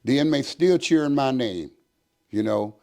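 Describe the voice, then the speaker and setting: An older man who retired as a prison captain tells a story in an interview, animatedly acting out the voices of the people in it. His gravelly voice is medium in pitch and moves at a moderate pace.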